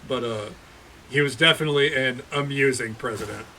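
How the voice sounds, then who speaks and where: A man's voice: medium pitch, fairly quick, noisy background. A man streaming a video game, chatting casually and rambling, with frequent cursing and restarts. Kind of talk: casual gaming commentary.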